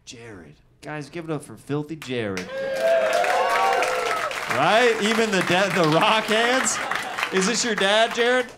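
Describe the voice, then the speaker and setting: A man's voice: high-pitched, lively intonation, slow pace, pauses often, very noisy. A man hosting a comedy show, hyping the crowd and teasing an audience member. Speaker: host. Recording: loud crowd and music in a club.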